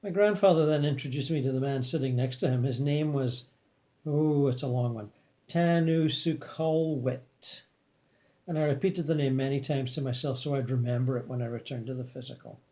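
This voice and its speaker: A man calmly reading a first-person afterlife story in a measured way. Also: medium pitch. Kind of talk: scripted first-person narration.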